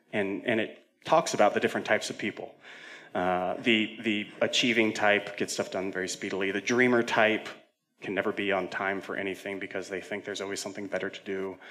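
A man's voice: on the low side, brisk, fairly bright tone. A male senior pastor preaching a sermon in a conversational way, with frequent fillers and self-corrections.

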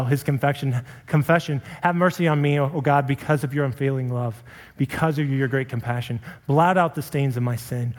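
Pastor, male, young adult, husky and a touch high, earnest sermon delivery, long hall reverb. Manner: earnest, rises to impassioned shouting when retelling his anger.

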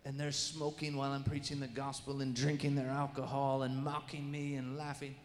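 A middle-aged man preaching a sermon and telling a story with lively acted-out voices and sound effects. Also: medium pitch, fairly quick. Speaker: guest preacher. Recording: echoey hall with faint room noise.

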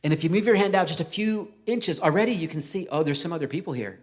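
A man preaching a sermon in a conversational way, swinging between loud emphasis and soft, intimate lines. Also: a little high, lively intonation, quick pace. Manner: conversational, with frequent "right?" and light laughs. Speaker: pastor.

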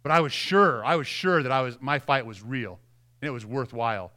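A man's voice: mid-range voice, lively intonation, a little fast, pushed and bright. A man in his thirties preaching a sermon as pastor, earnest and conversational with frequent restarts.

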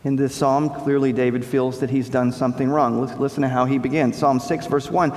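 A male pastor delivering a sermon, preaching with dramatic pauses and rising emphasis. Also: mid-range voice, level tone, darkish tone. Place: church sanctuary. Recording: long reverb of a large hall.

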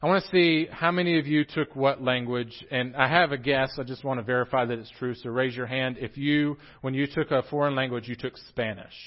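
A man's voice: mid-range voice, a little fast, hardly any pauses, lo-fi sound. A young man preaching a casual, joking sermon to his congregation. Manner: joking, animated, talks straight to the congregation. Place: church sanctuary.

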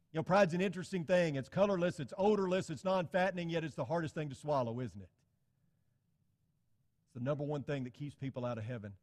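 A man preaching a sermon in an earnest, pleading way, often dropping to a soft, quiet emphasis. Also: on the high side, long reverb tail.

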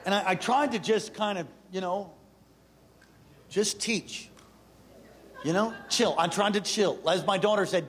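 Intense middle-aged male preacher with a high, bright voice, animated storytelling sermon. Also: measured pace, pauses often, slight background noise.

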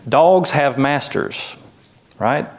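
A man pastor preaching a sermon in a conversational way, with light humor and lively quoted voices. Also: medium pitch, very slow.

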